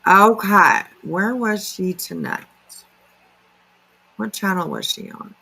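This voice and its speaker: A woman's voice: medium pitch, slow pace, vocal fry, bright, forceful tone, slightly rough, poor audio. A woman hosting a casual livestream, chatty and filler-heavy, greeting viewers by name. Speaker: livestream commentary host.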